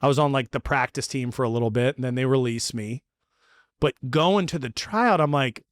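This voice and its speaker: Smooth-voiced man telling a story. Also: medium pitch, moderate pace, dry recording, clean studio sound. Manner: animated storyteller acting out quotes, casual swearing. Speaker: podcast host. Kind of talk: casual storytelling chat.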